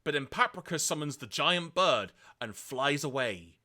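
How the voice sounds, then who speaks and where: A man co-hosting a podcast, retelling episodes in a lively way and acting out quoted lines. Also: normal speed. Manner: lively storytelling, acts out quoted lines in high voices. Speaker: podcast co-host. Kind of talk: casual podcast recap.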